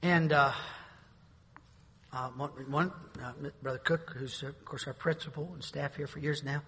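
A middle-aged pastor preaching a sermon, building to sudden shouted climaxes. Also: male voice, on the high side, fairly even intonation, normal speed, slight background noise. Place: church sanctuary. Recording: reverberant church sanctuary.

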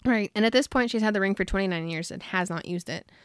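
A woman co-hosting a casual book discussion, retelling the plot with lots of laughter and quick quoted voices for the characters. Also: medium pitch, clean tone, no room sound, studio quality. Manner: animated storytelling, quotes characters in put-on voices, laughs often. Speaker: podcast co-host.

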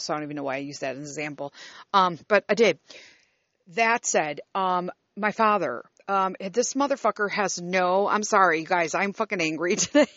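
A woman's voice: on the low side, fairly bright tone, dry recording, lo-fi sound. A woman in her fifties ranting casually to her viewers, exasperated and profane, rambling and restarting her sentences. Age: 50s. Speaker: vlogger. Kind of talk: casual rant to camera.

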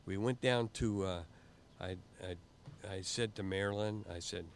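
An older man telling stories in a casual interview, halting and often repeating words as he goes. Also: fairly low pitch, vocal fry, slight background noise. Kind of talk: casual storytelling.

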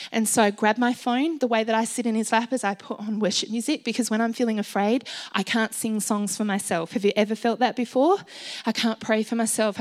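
Woman, preacher, sermon, earnest and conversational, slightly high-pitched, rhetorical questions.

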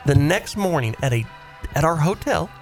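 A male radio host with a lively, swinging voice that rises and falls as he spins casual stories on air. He talks in a chatty, easygoing way with faint music under him. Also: on the high side, moderate pace. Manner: animated, chatty, laughs easily.

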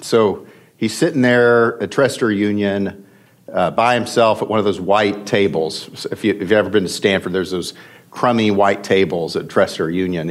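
A middle-aged man, a podcast guest, telling a personal story in a halting, emotional way with many fillers and restarts. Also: deep voice. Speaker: podcast guest, venture investor. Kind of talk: storytelling in conversation.

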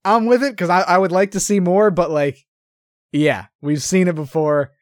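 A man's voice: high voice, moderate pace, no room sound, clean studio sound. A young man co-hosting a movie podcast, blunt and jokey, swearing freely in casual chat. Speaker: podcast co-host.

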